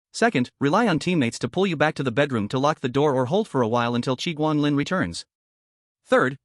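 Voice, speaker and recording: Steady male story narrator, dry sound. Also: fairly high pitch, no room sound.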